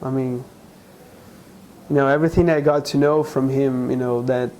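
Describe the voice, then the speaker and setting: A man from Brazil, a guest in an interview, speaking earnestly and haltingly, with frequent restarts. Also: medium pitch, steady tone, a little mellow, a little hiss or hum, poor audio. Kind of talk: conversational interview.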